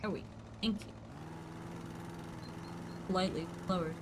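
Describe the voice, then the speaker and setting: A woman's voice: on the low side, fairly even intonation, slow, background noise. A woman in her thirties streaming a building game, chatting casually and thinking aloud with playful asides. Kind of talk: casual gameplay commentary.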